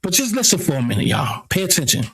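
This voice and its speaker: A man's voice: high voice, very animated, fast, a crowd in the background. A man from the United States hosting a casual commentary show, blunt and profane, often stammering and repeating himself. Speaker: commentary channel host.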